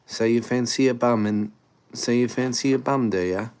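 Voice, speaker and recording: A man's voice: medium pitch, moderate pace, a little mellow, clear, resonant tone, pitched above the performer's own voice, lightly acted. A man voicing a jokey mock-posh Englishman in a put-on English accent, exaggerated and sing-song. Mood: teasing. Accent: fake English, put on by an Australian.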